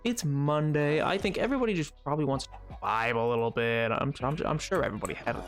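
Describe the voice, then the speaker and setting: Gravelly, rambling male streamer. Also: a little high, quick pace, soft background music. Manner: rambling, jokey, chatting to viewers. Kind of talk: casual livestream chat.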